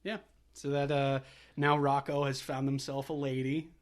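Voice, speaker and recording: A man's voice: mid-range voice, little pitch movement, moderate pace. Laid-back young man recapping a film. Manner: retells scenes with quoted bits and laughs. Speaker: podcast co-host. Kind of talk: casual chat.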